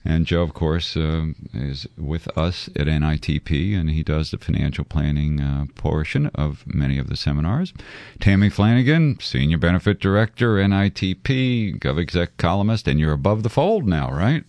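A man's voice: a bass voice, moderate pace, a little mellow, dry recording. A man hosting a live call-in radio talk show, joking and rambling with many fillers. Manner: jokey, rambling, lots of fillers.

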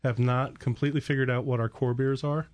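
A man, a brewer guest on a radio show, describing his brewpub with measured pride. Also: medium pitch, steady tone. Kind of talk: radio interview.

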